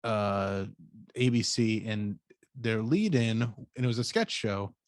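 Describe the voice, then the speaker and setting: A man's voice: fairly low pitch, slow, dry recording, clean studio sound. A man hosting a comedy podcast, chatting casually, rambling with lots of fillers and laughing often. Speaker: podcast host. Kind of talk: casual chat.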